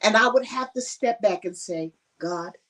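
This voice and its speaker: A woman's voice: medium pitch, moderate pace, fairly bright tone. Emotional woman, slightly distant mic. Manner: earnest and emotional, often laughs. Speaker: conference panelist. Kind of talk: personal testimony at a panel.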